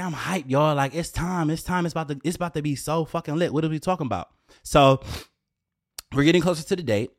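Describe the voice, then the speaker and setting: A young man telling a story to his viewers in a casual, profane, animated way, often jumping up into a high exclaiming voice. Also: fast. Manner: profane, slangy, addresses viewers directly.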